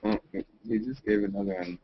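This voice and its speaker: A man's voice: on the low side, brisk. A man chatting on a casual group video call, reacting playfully and laughing along. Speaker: hangout participant. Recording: dull lo-fi video call audio.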